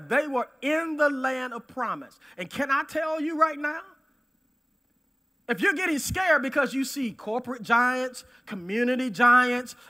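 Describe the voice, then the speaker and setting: In a very high-pitched voice, a man preaches a sermon with emphasis, repeating key phrases. He swings between loud declarations and hushed asides.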